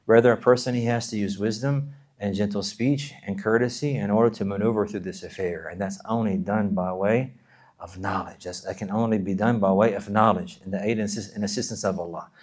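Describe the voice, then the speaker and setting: A man giving an earnest sermon, often repeating and restarting phrases and chanting short verses quickly. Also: on the low side, steady tone, a little mellow. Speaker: Islamic preacher.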